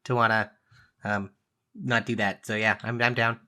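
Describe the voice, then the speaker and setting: A man's voice: on the low side, flat delivery, moderate pace, pushed and bright. A man playing a tabletop game, talking hesitantly with many fillers.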